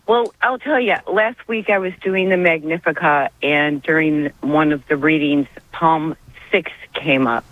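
A woman's voice: low-pitched, a little slow, no echo. A woman calling in to a radio show, speaking in a heartfelt, tearful, rambling way. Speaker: caller. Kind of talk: call-in radio conversation. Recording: muffled dry phone line.

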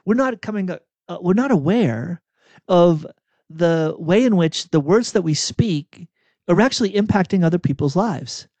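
A preacher telling chatty, self-deprecating anecdotes in a sermon. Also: male voice, high-pitched, animated, unhurried, a little mellow, dry recording. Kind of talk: storytelling sermon. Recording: dull, dry lo-fi recording.

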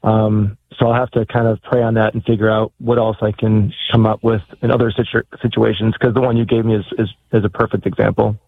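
A man calling in to a talk show, speaking hesitantly with many pauses and restarts, heard over a phone line. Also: on the low side, level tone, gravelly, a little hiss or hum. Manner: hesitant, lots of ums and restarts. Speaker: caller. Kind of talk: phone-in conversation.

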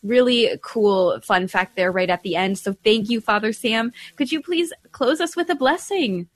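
A woman's voice: on the high side, normal speed. A woman hosting a radio show, friendly and upbeat, thanking her guest and signing off with an occasional filler word. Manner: bright, friendly, with filler words.

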